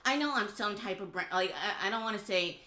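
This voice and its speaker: A woman from Georgia in the US, a guest on a game stream, venting in blunt, profane talk with halting restarts. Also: medium pitch, bright, forceful tone. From Georgia, USA. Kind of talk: casual chat on a game stream. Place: home room. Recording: roomy echo.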